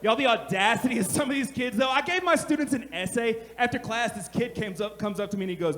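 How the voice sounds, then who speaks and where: A man in his thirties performing a brash stand-up comedy set on a club stage, shouting his punchlines. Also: very high voice, fast, hardly any pauses. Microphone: handheld stage mic. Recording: live club recording with crowd noise. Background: audience laughter.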